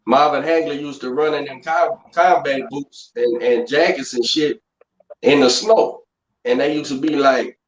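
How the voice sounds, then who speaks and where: A male boxing conditioning coach talking in a blunt, profane, animated way, in a casual podcast chat over a remote call. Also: mid-range voice, unhurried. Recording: echoey, muffled live-stream audio.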